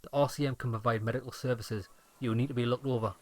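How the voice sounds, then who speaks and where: A man's voice: mid-range voice, steady tone, fast talker, a little mellow, lightly acted. Brief: blunt, questioning male cop, read by a man in his natural mid-range voice. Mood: probing. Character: probing male police detective, middle-aged.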